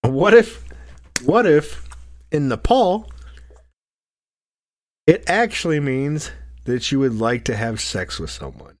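A man's voice: a little high, expressive, slow pace, long pauses. A young man teasing and arguing sarcastically in casual banter.

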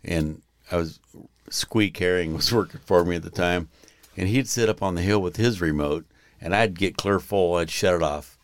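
A man's voice: deep voice, moderate pace, clear, resonant tone. A man telling rambling stories in a casual podcast chat, often breaking into laughter at his own tales.

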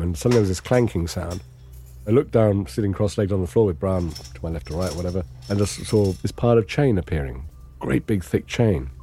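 An English man recounting a long ordeal in measured, understated, wry first-person testimony. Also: deep voice, mellow. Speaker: interviewee recounting his captivity.

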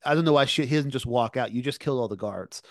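A man's voice: medium pitch, fast talker, no echo, studio quality. A man co-hosting a podcast, casually retelling events with many fillers. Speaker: podcast co-host. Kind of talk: casual discussion.

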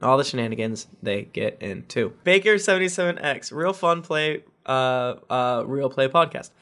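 A man's voice: medium pitch, expressive, normal speed, a bit bright. A man hosting a casual podcast, reading listener reviews aloud and breaking off into jokey asides and chuckles. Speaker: podcast host.

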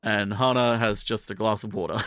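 A man's voice: fairly low pitch, no room sound, clean studio sound. Casual man recapping with acted quotes. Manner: animated, acts out characters' lines in quick voices. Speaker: podcast co-host recapping an anime. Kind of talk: casual chat, comic plot recap.

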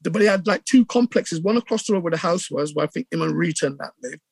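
A middle-aged man with a Bristol accent, telling stories in a casual interview with lively acted-out quotes and many restarts. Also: fairly high pitch, fast talker, creaky, breathy edge, no echo. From England. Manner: animated storyteller, acts out quotes, many restarts. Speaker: radio DJ guest.

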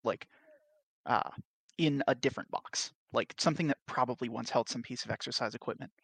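Gravelly man narrating his game character. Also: medium pitch, a bit bright, no room sound. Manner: casual, unhurried, detailed. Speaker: player. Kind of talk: describing his character's actions in a tabletop game.

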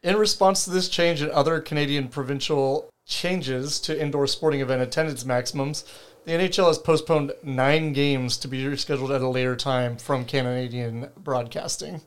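A man's voice: medium pitch, fairly even intonation, moderate pace, clean tone. A young man, co-hosting a casual chat podcast and recapping news with easy laughs. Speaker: podcast co-host.

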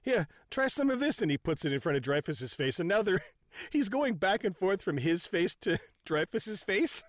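Excitable guy, fairly high voice, dry close mic, swears freely while retelling a comedy scene. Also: normal speed, dry recording. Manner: excitable, swears often, laughs while telling. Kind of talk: casual chat recapping a film scene.

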